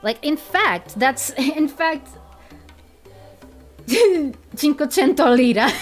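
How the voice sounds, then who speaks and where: A woman's voice: high-pitched, animated, very slow, faint music behind. A young woman streaming casually as a VTuber, rambling and laughing often, repeating herself as she goes. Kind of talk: casual chat.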